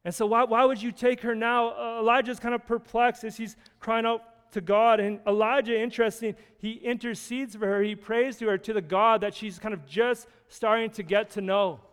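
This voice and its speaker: A man preaching in a high, smooth, resonant voice, earnest and conversational, circling back over his phrases as he works through scripture. His words ring out with a long reverb, as in a large hall. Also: fairly even intonation, moderate pace, few pauses. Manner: conversational, earnest, with frequent restarts and scripture readings. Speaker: pastor. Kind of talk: sermon.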